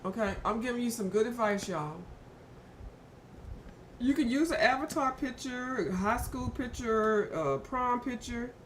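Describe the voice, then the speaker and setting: A woman's voice: fairly high pitch, animated, measured pace, slight background noise. A woman hosting a casual live stream with features, chatty and addressing her viewers by name, and she has the hiccups.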